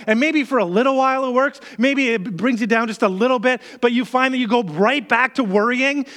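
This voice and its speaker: A man's voice: very high-pitched, fairly quick, few pauses, fairly bright tone. A man preaching a sermon in an earnest, conversational way, acting out the worried thoughts of his listeners. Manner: earnest, conversational, acts out worried inner voices. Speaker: pastor.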